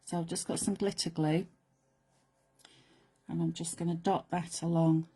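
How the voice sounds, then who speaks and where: A middle-aged woman presenting a live craft demonstration, chatty and playful, sometimes dropping to soft whispered asides as she works. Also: lowish voice, level tone, unhurried, husky. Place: craft studio.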